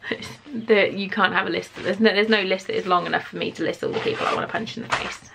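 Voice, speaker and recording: A woman in her thirties from England, chatting excitably while unboxing and gushing over each item. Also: mid-range voice, quick pace, vocal fry, a little hiss or hum. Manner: gushing, excitable, with sudden gasps and soft mutters. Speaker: vlogger. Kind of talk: casual unboxing chat. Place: home room.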